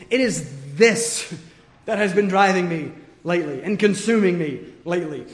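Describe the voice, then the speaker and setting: High-voiced man preaching in an echoey hall. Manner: emphatic, building to forceful points then dropping quiet. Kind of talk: expository sermon. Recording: echoey hall with long reverb.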